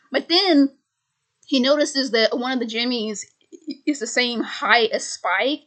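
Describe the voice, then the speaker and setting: A woman's voice: fairly high pitch, measured pace, fairly bright tone. Stuttering woman casually recapping a film. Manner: stutters, repeats words, many fillers. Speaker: video host retelling a film.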